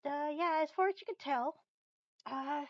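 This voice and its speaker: A woman's voice: sits high, moderate pace, dry recording, lo-fi sound. A woman running a tabletop game as game master, hesitant with many fillers and restarts.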